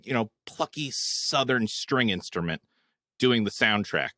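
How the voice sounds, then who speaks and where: Male podcast co-host, mid-pitched, bright tone, deadpan jokes, dry sound. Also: unhurried, no room sound. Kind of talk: casual movie review chat.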